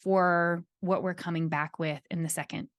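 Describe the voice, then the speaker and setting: A woman's voice: fairly low pitch, fairly even intonation, normal speed, no echo. Earnest woman podcaster, dry close sound. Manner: earnest, emphatic, repeats key points. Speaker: podcast host and leadership coach. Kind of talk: solo podcast monologue.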